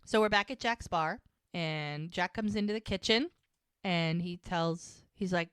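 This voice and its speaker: A woman's voice: on the low side, measured pace, fairly bright tone, smooth, no echo, clean studio sound. Chatty woman recapping a show. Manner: retells scenes with quoted lines, chatty. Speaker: podcast co-host. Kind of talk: casual chat recapping a TV episode.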